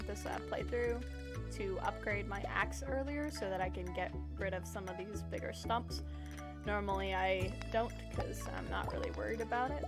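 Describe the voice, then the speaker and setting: Chatty lady streamer rambling over her game, loud game music in the background. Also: medium pitch. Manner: chatty, rambling, self-correcting. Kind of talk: casual gameplay commentary.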